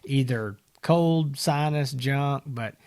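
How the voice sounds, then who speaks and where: A man's voice: mid-range voice, slow pace, darkish tone. A man hosting a casual talk show, friendly and chatty, with a drawl and an easy laugh. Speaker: podcast host. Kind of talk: casual chat.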